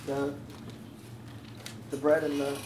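A woman's voice: sits low, monotone, slow pace, background noise. Woman preaching in an echoey hall. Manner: conversational, asks the congregation questions, laughs easily. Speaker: pastor. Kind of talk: sermon. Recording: roomy echo, faint ambience.

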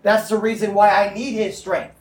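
A man's voice: sits high, level tone, normal speed, reverberant, recorded from a distance. A man preaching as a pastor, explaining scripture in a conversational way and checking in with his listeners. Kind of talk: Bible teaching.

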